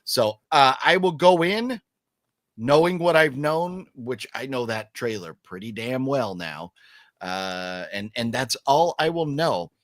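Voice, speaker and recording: A man's voice: mid-range voice, animated, slow pace, a bit bright, no room sound, studio quality. A man hosting a casual movie chat, opinionated and emphatic, rambling with restarts. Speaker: podcast host.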